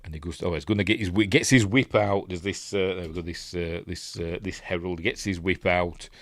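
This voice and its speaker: A man's voice: sits low, fairly even intonation, a little fast, dry recording. A man with a Yorkshire accent casually breaking down a film scene by scene, rambling and often stopping to find his place. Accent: Yorkshire English. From Yorkshire, England. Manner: rambling, self-interrupting, quotes lines in put-on voices. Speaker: movie reviewer.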